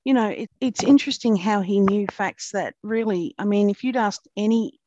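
A woman's voice: medium pitch, moderate pace, mellow, no echo, lo-fi sound. A woman interviewing a guest, asking leading questions that often end in tag questions.

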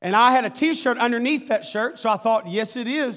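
Male preacher, high voice, folksy animated storytelling, long church hall reverb. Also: moderate pace. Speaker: pastor. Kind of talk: sermon storytelling.

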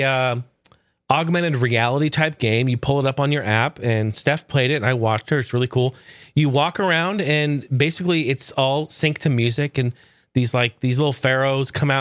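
A man's voice: mid-range voice, a bit bright, no echo, clean studio sound. Rambling, profane male podcast host. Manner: loose, rambling and profane, chuckling often. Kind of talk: casual podcast chat.

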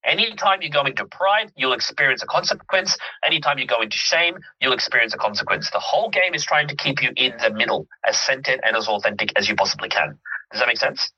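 A man's voice: medium pitch, animated, fast talker, bright, forceful tone, slightly rough. A man, a mindset coach, speaking as an interview guest, explaining earnestly with examples and often checking that the listener follows. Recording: dull lo-fi audio.

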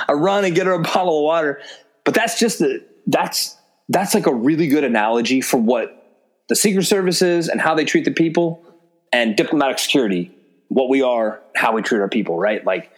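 A man in casual conversation, recounting his years as a special agent. He rambles comfortably, stacks up fillers and throws in the odd curse, with a mid-range voice that moves freely. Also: a little high. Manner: loose and chatty, many fillers and frequent swearing. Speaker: podcast guest, former special agent. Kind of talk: casual storytelling.

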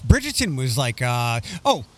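A man's voice: medium pitch, normal speed. A young man co-hosting a casual podcast chat, rambling and restarting as he talks. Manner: rambling, animated, restarts often. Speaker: podcast co-host.

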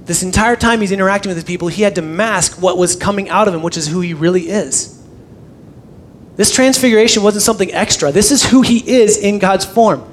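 A young man preaching a sermon, animated, swinging from loud emphasis to hushed near-whispers. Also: high voice, brisk, slight background noise. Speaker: pastor.

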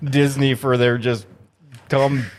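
A man's voice: medium pitch, flat delivery, takes it slowly. A man co-hosting a casual review podcast, giving strong opinions and often stammering as he restarts. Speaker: podcast co-host.

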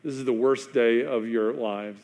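A man delivers a sermon at middling pitch, telling a story slowly. He often drops low and quiet for emphasis, with long pauses between phrases. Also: steady tone, creaky. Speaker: pastor.

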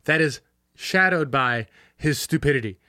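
A man co-hosting a casual movie review podcast, talking quickly and jokily, acting out lines from the film. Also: a little high, animated, pushed and bright, no room sound, clean studio sound. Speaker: podcast co-host.

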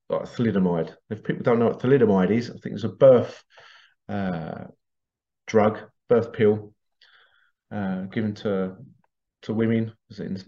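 A man's voice: on the low side, dark tone, lo-fi sound. Giggly middle-aged man. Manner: giggly, keeps breaking into laughter while telling stories. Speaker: vlogger. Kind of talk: casual monologue to camera.

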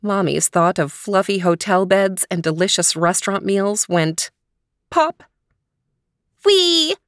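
Expressive woman reading a children's story. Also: lowish voice, moderate pace, dry recording, studio quality. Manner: gentle, expressive. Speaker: storyteller host.

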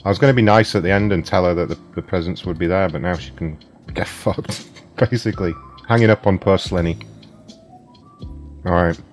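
A man's voice: deep voice, a little fast, soft background music. A man hosting a prank call stream, chatting loosely, swearing and laughing. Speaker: prank call show host. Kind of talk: casual streamed chat.

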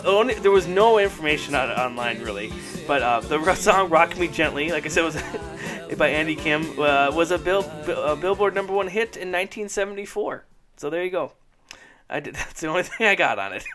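A man co-hosting a casual podcast chat, rambling excitedly and laughing often as he talks. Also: fairly high pitch, normal speed, over music. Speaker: podcast co-host. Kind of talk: casual chat about old commercials.

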